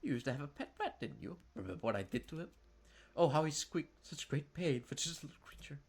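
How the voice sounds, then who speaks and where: A man's voice: mid-range voice, huge pitch swings, racing, creaky, exaggerated voice. A man doing a cruel taunting sister. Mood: mocking. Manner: taunting, sneering, singsong. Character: cruel mocking young woman, the sister. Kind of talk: voicing characters in a game stream.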